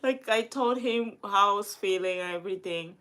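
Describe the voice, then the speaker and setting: Bright-voiced young woman, rambling vlog talk. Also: mid-range voice, moderate pace. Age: 20s. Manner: rambling, heavy use of "like", restarts. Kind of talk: emotional personal vlog storytelling.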